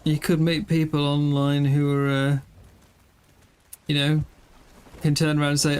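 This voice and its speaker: A man's voice: a little high, completely flat delivery, unhurried, pauses often, clear, resonant tone. A man in his thirties chatting casually with viewers while streaming a game. He rambles in a self-deprecating way and sounds tired after an early start. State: tired, yawning. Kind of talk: casual live-stream chat while gaming.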